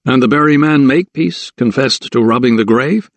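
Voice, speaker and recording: A man voicing a measured, formal young doctor. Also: medium pitch, no echo, natural voice. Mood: measured, firm. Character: composed young male doctor, wary. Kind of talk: audiobook character voice.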